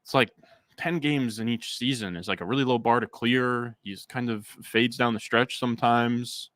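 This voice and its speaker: A man's voice: medium pitch, normal speed, a bit bright, no echo. A young man streaming a fantasy football draft, chatting casually with his chat and rambling through fillers.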